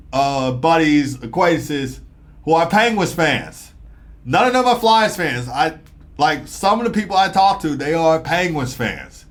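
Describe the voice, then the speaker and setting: A young man giving a casual, rambling hockey game recap, talking fast with lots of fillers and excited bursts. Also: fairly high pitch. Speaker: sports commentator.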